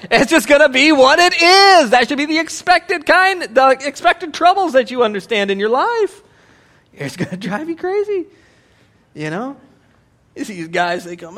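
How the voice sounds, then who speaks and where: Middle-aged pastor guy preaching, high bright voice, jokey and animated. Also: moderate pace. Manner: animated, joking, acts out voices. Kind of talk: sermon.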